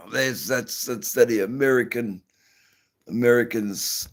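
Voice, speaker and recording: Australian man, very deep voice, slow unhurried talk, rambling live chat, smoking as he talks. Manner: rambling, halting, full of fillers and slang; smoking while talking. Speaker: livestream host. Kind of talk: casual live-stream chat.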